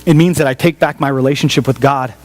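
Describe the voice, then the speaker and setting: A man, a pastor, preaching a sermon in an animated storytelling way, repeating phrases for emphasis. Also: mid-range voice, fast, soft background music, poor audio. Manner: animated storyteller, acts out voices of family and friends.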